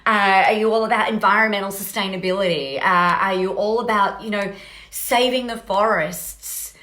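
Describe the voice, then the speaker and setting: In a roomy, echoing recording, a solo podcast host rambles casually and with energy, frequently adding "right?" to check in. Her voice is medium in pitch, pushed and bright, with fairly even intonation at a normal speed.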